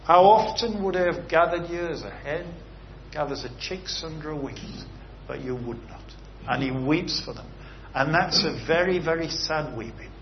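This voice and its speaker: This earnest preacher has a voice on the high side and speaks at a moderate pace with hardly any pauses. His sermon swells and drops for emphasis, poses rhetorical questions, and ends in prayer, over a slightly dull recording with faint hiss.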